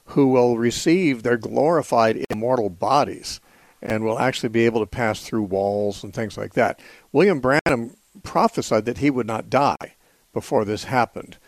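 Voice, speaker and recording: Measured male radio host, dry close sound. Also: mid-range voice, no room sound. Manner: measured, thoughtful, frequent fillers. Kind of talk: call-in radio Bible teaching.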